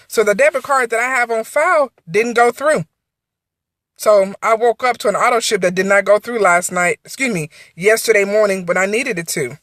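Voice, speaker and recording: A woman's voice: mid-range voice, fairly bright tone, dry recording, studio quality. A woman giving an emotional, faith-filled testimony on a phone livestream, repeating herself as she speaks from the heart. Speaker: network marketing director.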